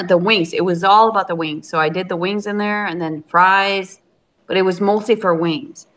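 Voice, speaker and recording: A woman's voice: lowish voice, unhurried, a bit bright. A woman, a cooking channel host, chatting casually and emotionally as a guest on a live video-call stream.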